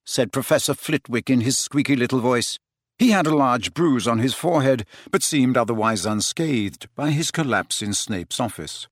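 Speaking at normal speed in a husky, medium-pitched voice, a male audiobook narrator tells the story expressively. It's scripted narration, recorded in a clean studio with no room sound.

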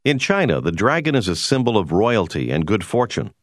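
Male course narrator, deep and expressive, measured explanatory read, dry booth. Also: dry recording. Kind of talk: scripted educational narration.

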